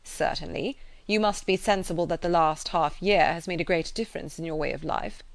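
Lady reading as a blunt brisk gentleman, firm and lecturing, lowish voice. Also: gravelly, no echo.

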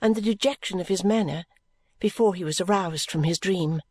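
A woman narrating a novel in a measured, steady storytelling manner. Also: lowish voice, dry recording. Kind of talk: scripted narration.

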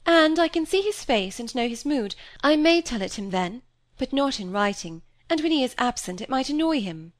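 A woman's voice: high voice, sing-song, no echo, studio quality, pitched above the performer's own voice. Woman reading Cynthia, breezy young woman. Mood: light. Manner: breezy, quick to dismiss. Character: lively teasing young woman, flippant.

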